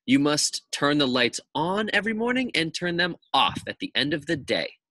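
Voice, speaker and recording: A man's voice: on the high side, sing-song, normal speed, bright, forceful tone, no echo, voice pushed up, heavily acted. A man voicing a strict, exacting woman schoolteacher in a raised, emphatic voice. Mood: firm.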